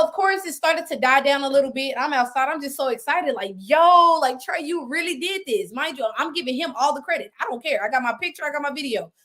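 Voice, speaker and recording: High-voiced woman guest on a live call, chatty storytelling, slangy, acts out the quotes. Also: a bit bright. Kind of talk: casual storytelling interview. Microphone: phone on a live video call.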